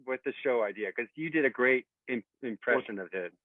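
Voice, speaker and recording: Brief: male host, slightly high voice, thin phone-line sound, dry. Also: expressive, brisk, no room sound. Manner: prompting others to retell stories. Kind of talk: casual chat.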